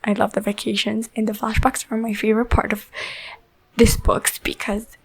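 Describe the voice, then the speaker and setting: Breathy woman chatting through a book review. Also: medium pitch, flat delivery, moderate pace, low-quality recording. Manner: chatty and rambling, full of "like" and "you know"; emotionally invested, often dropping into a breathy half-whisper. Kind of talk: casual spoiler book review.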